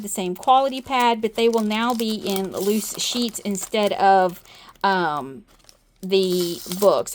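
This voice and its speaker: A woman hosting a casual crafting video, chatting bubbly and self-deprecating as she shows products at her desk at night. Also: medium pitch. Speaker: crafting channel host.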